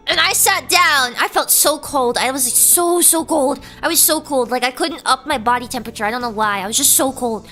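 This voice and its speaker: A woman streamer chatting through a story in a very high, bright voice. She is animated and giggly, swinging her pitch widely as she acts out quotes. Faint music sits in the background. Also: brisk, hardly any pauses. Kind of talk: casual storytelling.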